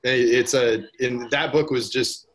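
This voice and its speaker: A man's voice: mid-range voice, steady tone, measured pace, fairly bright tone. A man talking casually and eagerly on a podcast, rambling with many restarts and fillers. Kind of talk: casual conversation.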